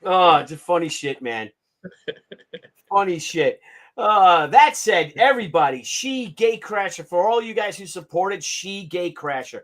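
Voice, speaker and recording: A man in his fifties hosting a casual livestream, ranting in an animated, sarcastic and profane way. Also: high voice, measured pace. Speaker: comic artist hosting a livestream.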